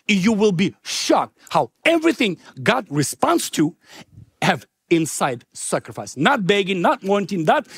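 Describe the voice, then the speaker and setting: Animated high-voiced preacher. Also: male voice, breathy edge, dry recording, studio quality. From former Soviet Union. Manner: joking storytelling turning to earnest appeal; non-native grammar. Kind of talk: sermon.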